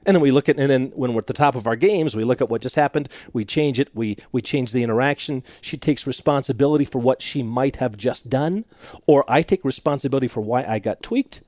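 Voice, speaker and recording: A man's voice: medium pitch, brisk, darkish tone, no echo, studio quality. A middle-aged man and marriage counselor, a radio interview guest who talks animatedly, laughs often and restarts his sentences.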